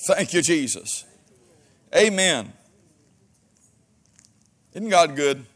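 A man preaching a sermon as pastor, with folksy humor and frequent amens, swinging between loud exhortation and quiet asides. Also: fairly high pitch, big pitch swings, very slow.

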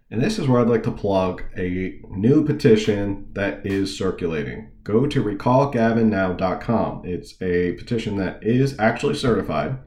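A man's voice: deep voice, a little mellow, reverberant, slight background noise. A man hosting a political talk show, reading news articles aloud and commenting in an informal, digressive way with sarcastic asides.

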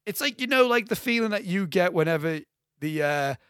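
A young man co-hosting a podcast, talking casually and excitedly about a film, rambling and swearing freely. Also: high-pitched, fairly quick, clean tone, no echo, studio quality. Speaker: podcast co-host.

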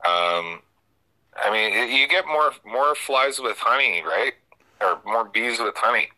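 A man hosting talk radio, speaking in a halting, opinionated way with many restarts. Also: mid-range voice, lively intonation, bright, forceful tone, rough recording. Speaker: radio talk show host.

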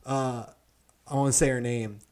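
A young man co-hosting a podcast, telling a story in casual chat, profane and animated, acting out the people he quotes. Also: mid-range voice, measured pace. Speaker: podcast co-host.

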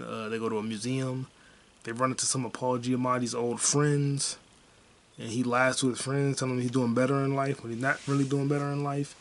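A young man rambles through a casual movie review on his podcast. His voice sits in an ordinary middle register, laid-back and loose, and he drops in the odd curse. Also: mid-range voice. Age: young adult. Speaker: podcast host.

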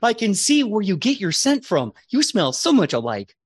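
Proud, cheerful young dog-folk guy, pitched up high and eager, as the game master puts him on. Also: wildly swooping pitch, normal speed, slightly rough, no echo, studio quality. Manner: eager, friendly, gushing.

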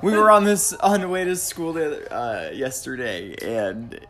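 A woman's voice: extremely low pitch, sing-song, normal speed, crowd noise. A woman in casual chat, telling funny family stories with lots of fillers and laughter. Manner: laughing storyteller, many fillers.

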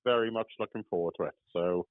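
A low-voiced caller chats quickly and casually about theme parks over a phone line, swearing now and then and saying "you know" a lot. The recording is dry.

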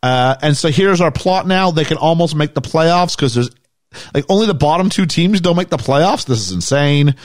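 A man's voice: a little high, animated, normal speed, no echo, clean studio sound. A man hosting a casual podcast chat, recapping a movie in a jokey, storytelling way. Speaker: podcast host recapping a film.

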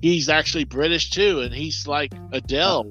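A man co-hosts a casual podcast chat, rambling eagerly and stacking up fillers. His voice sits a bit high and rings bright and forceful. The recording is dull and lo-fi, with faint music behind him. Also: normal speed. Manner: rambling, enthusiastic, filler-heavy. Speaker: podcast co-host.

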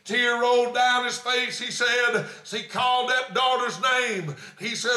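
High-voiced fervent preacher. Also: male voice, fairly even intonation, a little slow, hardly any pauses. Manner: fervent preaching that swells into shouts, with frequent "uh" fillers. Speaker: pastor. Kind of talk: storytelling sermon. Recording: echoey church sanctuary.

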